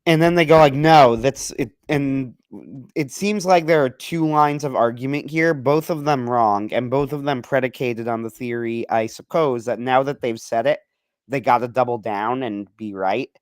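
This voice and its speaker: A man's voice: mid-range voice, normal speed, clear, resonant tone, no echo. Rambling man on a dry mic. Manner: rambling, animated, self-deprecating joker. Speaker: podcast co-host. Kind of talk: casual ranting chat.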